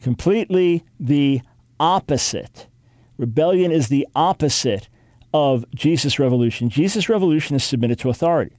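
A man's voice: a little high, expressive, fairly quick, a little mellow, no echo. A man hosting a talk radio show, teaching in an emphatic, preacherly way and repeating key phrases for weight.

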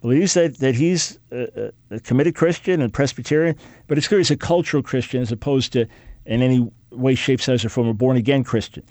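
A man's voice: mid-range voice, darkish tone, no echo. A man hosting a talk radio show, teaching in an emphatic, preacherly way and repeating key phrases for weight.

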